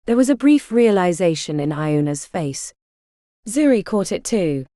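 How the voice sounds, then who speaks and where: A woman reading a fantasy audiobook as its narrator, in an expressive storytelling manner. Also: fairly low pitch, measured pace, no room sound, studio quality. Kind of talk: scripted narration.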